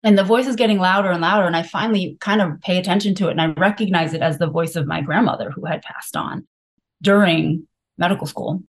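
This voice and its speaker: Speaking quickly in a voice on the low side, a woman physician appears as a podcast guest. She tells her own story in a frank, confessional way, leaning heavily on filler words.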